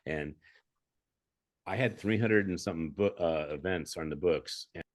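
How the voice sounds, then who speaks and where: A man who is a guest on an interview podcast over a video call, speaking earnestly and calmly while telling his own stories. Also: low-pitched, normal speed. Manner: earnest, anecdotal, self-assured. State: calm. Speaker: guest entrepreneur. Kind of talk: conversational interview.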